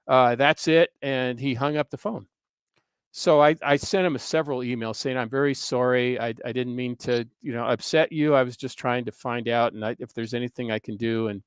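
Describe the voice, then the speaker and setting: A man's voice: medium pitch, clear, resonant tone, no room sound. A man in his sixties, a guest on an interview show, telling a personal story in an earnest, rambling way with frequent hesitations. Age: 60s. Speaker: guest, history professor and author.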